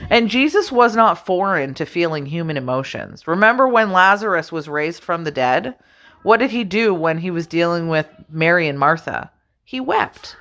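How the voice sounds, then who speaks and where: Animated woman talking through scripture. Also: lowish voice. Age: adult. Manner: animated, reads verses slowly, laughs often. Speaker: religious video host. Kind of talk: casual scripture commentary. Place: home.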